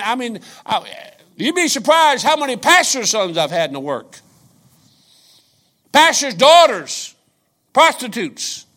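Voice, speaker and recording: An older man preaching a sermon, telling folksy stories and swinging from quiet asides to shouts. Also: sits high. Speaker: pastor.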